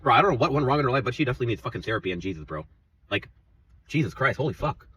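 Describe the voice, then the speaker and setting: A man's voice: medium pitch, expressive, rapid-fire, bright, forceful tone, slightly rough, distant mic, poor audio. A man in his twenties telling an angry, profane story about his workplace, rambling and heated. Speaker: vlogger.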